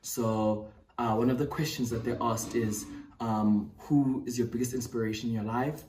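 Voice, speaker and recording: Mellow South African man, mock-serious. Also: mid-range voice, fairly even intonation, moderate pace, a little hiss or hum. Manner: mock-earnest, repeatedly breaking into laughter. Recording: roomy, distant phone recording.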